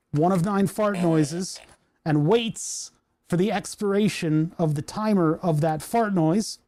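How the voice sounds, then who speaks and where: A man with a high-pitched, slightly mellow voice streams himself tinkering on a workshop project indoors. He's hiccuping as he chats casually, rambling and self-amused, on a lapel mic.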